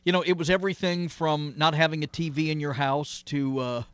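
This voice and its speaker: Earnest man with a higher voice. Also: fairly even intonation, a little fast, fairly bright tone, clean tone, no room sound. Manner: earnest, frequent "uh" and "you know". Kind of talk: interview guest, reflective storytelling.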